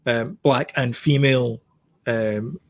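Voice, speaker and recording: A man's voice: mid-range voice, fairly even intonation, slow pace. Blunt opinionated man chatting. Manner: opinionated, blunt, hesitant with many fillers. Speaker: podcast co-host. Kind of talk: casual chat.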